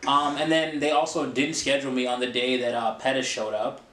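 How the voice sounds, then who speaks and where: A man's voice: mid-range voice, fairly quick. A young adult man, a podcast co-host, chatting casually and acting out the voices of the people in his stories. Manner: animated storytelling, acting out quoted voices. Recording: echoey room with faint noise.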